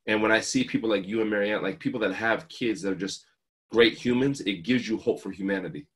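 A man's voice: fairly low pitch, brisk, a little hiss or hum. A man in his thirties from New Jersey, a guest speaker telling heartfelt, earnest stories about family. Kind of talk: emotional storytelling.

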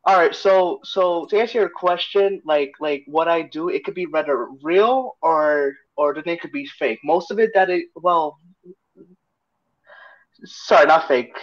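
Man, stream guest, hesitant, restarts a lot, slightly high voice, muffled phone sound. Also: moderate pace. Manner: hesitant, many fillers and restarts. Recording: dull phone audio.

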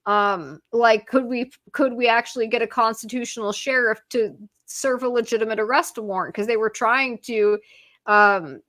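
Woman, podcast guest, higher voice, sarcastic, lots of filler words, dry sound. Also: moderate pace, no echo. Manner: animated, many fillers, sarcastic. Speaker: guest journalist. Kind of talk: podcast interview.

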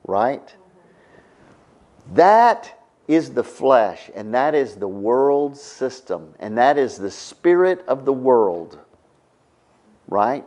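A man's voice: medium pitch, big pitch swings, very slow, long pauses, a little mellow. A middle-aged man preaching a sermon in a conversational way, often stopping to ask "right?". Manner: conversational, keeps asking "right?".

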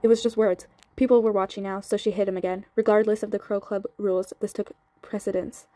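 Woman reader for a novel; flat delivery, fast and sped-up. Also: medium pitch, dry recording. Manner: even, steady reading with small slips and restarts. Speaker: audiobook reader. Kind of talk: novel read aloud. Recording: sped-up audio.

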